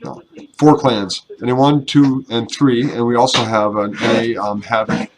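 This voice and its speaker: A man's voice: mid-range voice, steady tone, normal speed, a little hiss or hum, poor audio. A young man casually commenting over gameplay, rambling and self-deprecating, with casual swearing, speaking into a headset at his computer. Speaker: gaming YouTuber and clan member.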